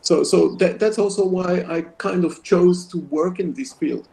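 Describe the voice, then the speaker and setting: A man answers questions after a lecture over a video call. His voice sits high but sounds gravelly and mellow. He pauses and repeats words as he thinks aloud. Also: poor audio. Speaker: guest lecturer. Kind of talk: academic Q&A answer.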